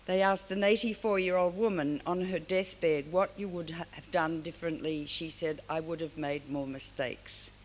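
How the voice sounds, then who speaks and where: Her voice is low-pitched and her pace moderate, with hardly any pauses, as an older Australian woman addresses an audience at an award event. She comes across as frank and anecdotal, full of animated asides, and the large hall adds long reverb over a faint hiss.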